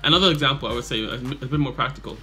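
A man in casual commentary, his voice bright and forward at a middle pitch. He talks loosely, circling back to repeat his points and dropping slang as he goes. Faint music sits behind him. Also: very fast. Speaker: video reactor and channel host.

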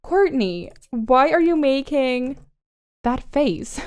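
High-voiced bubbly young woman. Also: expressive, slow pace. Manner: bubbly, chatty, frequent laughs and gasps. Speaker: gameplay commentator. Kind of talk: casual gameplay commentary.

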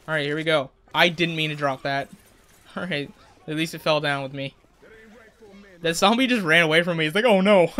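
A young man giving jokey, excitable commentary on a game while he plays, his voice cracking now and then. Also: fairly high pitch. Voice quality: voice keeps cracking. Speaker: gaming YouTuber. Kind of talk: let's play commentary.

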